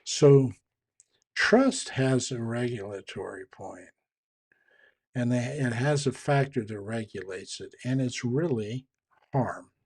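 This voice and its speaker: A man's voice: mid-range voice, slow pace, a little mellow, slightly rough. Conversational man explaining trust. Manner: conversational, with restarts and fillers. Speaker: trainer on communication and leadership. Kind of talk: explanatory talk with a story.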